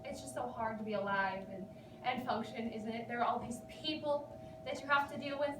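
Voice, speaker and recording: A young woman performs a theatrical comic monologue, lightly acted, as a rambling, neurotic patient unloading on her therapist between giggles. She speaks a little high and fairly quickly in a steady tone, recorded from a distance in an echoey room with noise in the background.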